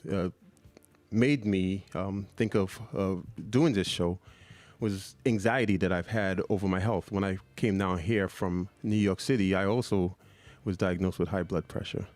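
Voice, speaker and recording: Halting low-voiced male podcast host. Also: darkish tone, no room sound. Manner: halting, full of fillers and restarts. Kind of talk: interview conversation.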